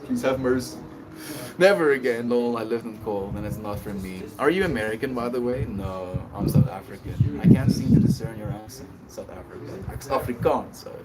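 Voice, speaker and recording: A man's voice: mid-range voice, animated, brisk, few pauses, recorded from a distance, over loud music, poor audio. A man livestreaming, chatting casually and laughing as he reads and answers messages from his chat. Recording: voice a bit off-mic with clear background noise.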